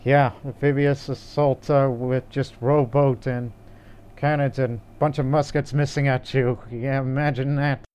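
Easygoing male podcast co-host, smooth clear voice, rambling casual delivery with restarts. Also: medium pitch, little pitch movement, a little slow, darkish tone.

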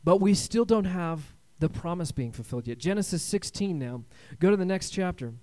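A male pastor with a notably high voice delivers a sermon. He swings from loud, emphatic declarations to hushed, near-whispered lines and keeps asking the congregation for an amen. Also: animated, moderate pace. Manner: dynamic preaching, swinging between loud emphasis and hushed tones, asks for amens.

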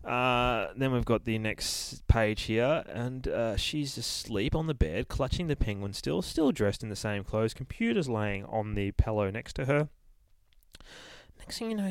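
A podcast host with a lowish voice recaps a comic in a loose, profane, rambling style with plenty of fillers, and there's no echo.

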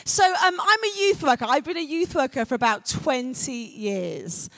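A woman's voice: sits high, sing-song, normal speed, a bit bright. A woman with a London accent, a youth worker speaking to a festival crowd in a chatty, playful way. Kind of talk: lively talk to a festival audience. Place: stage in a large festival tent.

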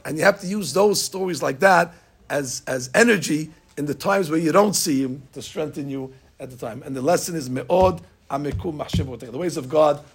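Older male storyteller, gravelly and husky, lively sermon-style anecdote with voiced dialogue. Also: fairly high pitch, normal speed. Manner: animated, acts out dialogue, laughs at his own story. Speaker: storyteller giving a lesson.

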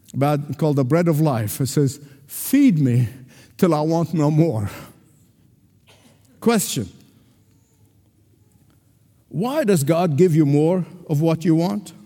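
A man's voice: a little high, lively intonation, dark tone. Emphatic male preacher in a big hall. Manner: emphatic preaching with dramatic pauses. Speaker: pastor. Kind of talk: sermon. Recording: long hall reverb.

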